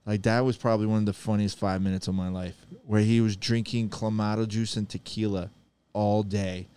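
Smooth low-voiced man in casual banter. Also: fairly quick. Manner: laughing, profane, animated banter. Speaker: podcast co-host. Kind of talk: casual chat.

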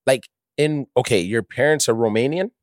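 Male host, mid-pitched, slangy and filler-heavy casual questioning, dry close recording. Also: normal speed, no room sound. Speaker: interview host. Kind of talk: casual interview talk.

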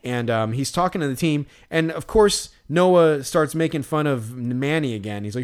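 This co-host's voice sits on the high side, flowing smoothly at a moderate pace with few pauses. Recapping a show on a podcast, he chats casually and rambles, acting out people's lines amid plenty of "like" and filler words.

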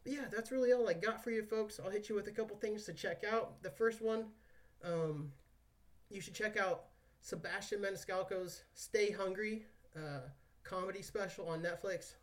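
Puffing after a set of squats, a male podcast host speaks at a moderate pace in a high voice, with the mic set well away from him. The conversation is easygoing and full of jokes, with some casual cursing.

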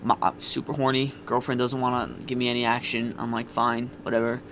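A man's voice: medium pitch, flat delivery, a little fast, fairly bright tone, slight background noise. A young man casually telling a candid, profane personal story on a podcast. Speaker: podcast guest.

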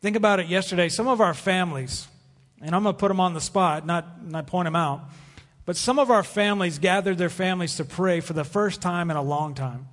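A man preaching a sermon from the pulpit, earnest, with pauses. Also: high voice, a bit bright. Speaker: pastor. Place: church sanctuary. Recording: long reverb of a church hall.

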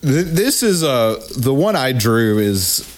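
A man's voice: medium pitch, very animated, slow. A man in a casual chat who talks about himself in a self-deprecating way. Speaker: podcast co-host.

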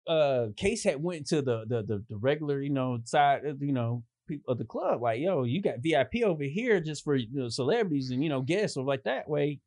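A man telling stories in casual chat, animated and swearing, jumping into high voices when quoting people. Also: fairly quick, hardly any pauses, no echo, clean studio sound. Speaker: podcast guest telling stories.

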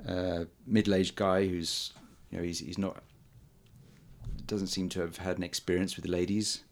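Podcast host, male, very low voice, hesitant casual delivery with lots of fillers. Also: little pitch movement. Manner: halting, many ums and uhs, chuckles often. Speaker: podcast host reviewing old films. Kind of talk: casual chat.

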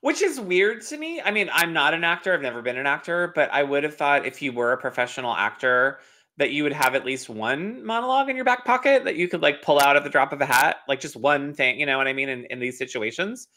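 A woman's voice: deep voice, animated, quick pace, pushed and bright. A woman co-hosting a podcast, casually recapping an episode and explaining salon licensing rules with a knowing tone. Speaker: podcast co-host.

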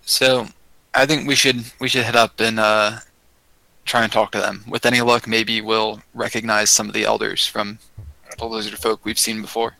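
Bright-voiced man playing a tabletop game. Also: lowish voice, level tone, normal speed, vocal fry, no echo, low-quality recording. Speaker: player. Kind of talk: in-character tabletop play.

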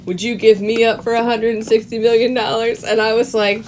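A woman in a casual podcast chat, telling animated anecdotes and laughing often. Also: fairly high pitch, a little fast, slight background noise, rough recording.

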